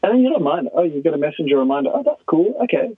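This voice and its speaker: A man as a guest expert, explaining in a casual, animated way and acting out quoted dialogue. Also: fairly high pitch, very fast, dry recording. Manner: animated storyteller who acts out quoted dialogue. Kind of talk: conversational podcast explanation. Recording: tinny phone line, dry.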